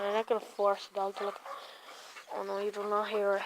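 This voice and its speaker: A woman vlogging casually at home, giggling often and chatting excitedly to her dogs. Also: medium pitch, brisk, long pauses, a little hiss or hum.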